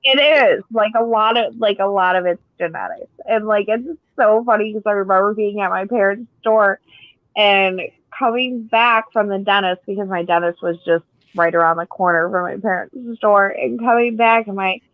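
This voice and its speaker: A woman's voice: mid-range voice, normal speed, dry recording. Podcast co-host, woman with a chatty rambling style, dry and a little dull on the mic. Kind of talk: casual chat.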